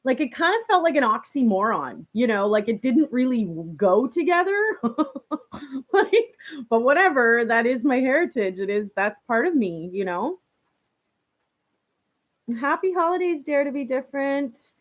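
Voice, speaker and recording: A woman's voice: sits high, sing-song, normal speed. A young woman from Canada hosting a casual live stream. She chats with viewers, reads their comments, laughs often and uses many fillers. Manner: chatty and warm toward viewers, laughs often, many "like" and "you know" fillers.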